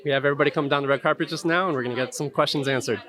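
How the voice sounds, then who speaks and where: Fast-talking man interviewing on a red carpet. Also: medium pitch. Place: outdoor red carpet event.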